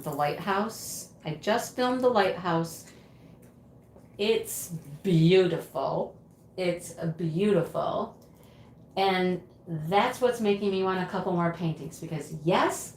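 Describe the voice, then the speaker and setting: A woman hosting a casual livestream, chatting and answering viewers' comments as she reads them. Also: medium pitch. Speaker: livestream host. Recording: roomy home recording with faint ambient noise.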